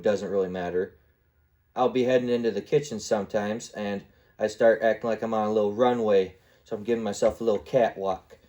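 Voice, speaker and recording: Male podcast host, low register, loose casual storyteller who slips into goofy voices. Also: mellow, dull audio. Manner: rambling storyteller who acts out little voices and sound effects. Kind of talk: casual solo podcast monologue.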